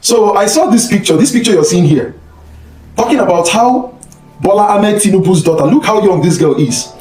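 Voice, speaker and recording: A man ranting in a commentary video, animated and mocking, laughing and raising his voice. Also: high-pitched, reverberant, poor audio. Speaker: social media commentator.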